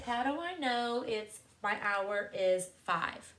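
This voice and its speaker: A woman teacher walks young children through a lesson at a slow, patient pace. Her voice is bright and clear, and she sounds encouraging, lifting her questions into a friendly sing-song. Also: medium pitch, lively intonation, a little hiss or hum. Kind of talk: classroom lesson to young students.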